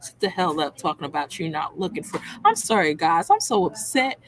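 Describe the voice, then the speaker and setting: A woman's voice: on the low side, wildly swooping pitch, brisk. A woman hosting a true crime livestream, reacting to a clip in blunt, heated, scolding commentary.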